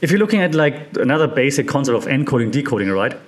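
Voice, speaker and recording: An animated man who teaches media studies, talking with real enthusiasm and breaking into laughter as he goes. His pitch sits in an ordinary male middle range. Now and then a small cough slips in. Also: fast talker. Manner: excited, animated, laughs often. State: occasional cough. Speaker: media professor. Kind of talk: enthusiastic commentary.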